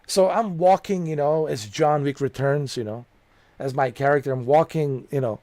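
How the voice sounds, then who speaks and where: A man's voice: on the high side, normal speed, dark tone, no echo. Chatty gamer guy spinning a rambling story. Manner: loose and chatty, full of "man", "dude" and "you know"; amused, laughs at his own story. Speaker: gaming streamer.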